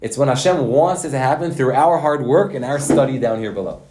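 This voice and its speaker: Speaking fairly quickly at a middle pitch, a man gives yeshiva students a lively Torah lesson full of folksy stories and Hebrew and Yiddish terms. The recording has a roomy echo plus some background noise.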